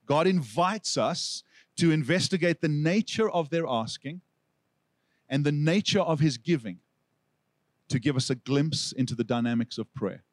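A South African man preaching from the pulpit, his voice sitting a little higher than most men's. He tells the story with animated energy, slipping into the voices of the people he quotes. The sound is close and dry, with no room echo. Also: normal speed. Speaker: pastor. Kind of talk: sermon.

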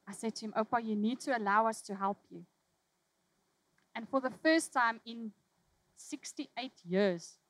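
A woman preaching a sermon, telling a personal story with emotion, dropping from loud, urgent lines to hushed ones. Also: fairly high pitch, no room sound, rough recording.

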